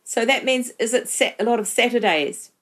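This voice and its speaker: A woman's voice: fairly high pitch, moderate pace, fairly bright tone. Woman hosting a book interview. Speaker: podcast host. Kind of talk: interview questions.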